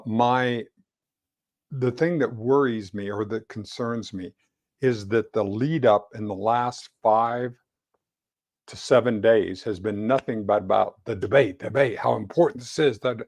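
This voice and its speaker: Halting, stammering male talk-show host. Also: mid-range voice. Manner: halting, many restarts and stammers. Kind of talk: casual political chat.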